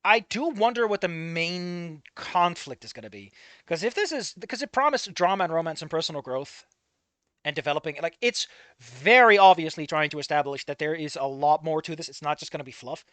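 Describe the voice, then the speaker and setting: A fanfic reader and reviewer with a medium-pitched voice reads a story aloud a little fast, recorded dry. Animated and sarcastic, he swears and keeps stopping mid-reading to comment.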